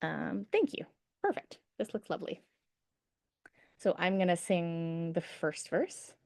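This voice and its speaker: A woman's voice: lowish voice, lively intonation, unhurried, gravelly, darkish tone, no echo, clean studio sound. A woman teaching a traditional singing class over a video call, patient and encouraging as she explains pronunciation. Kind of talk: online singing lesson. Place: home setup on a video call.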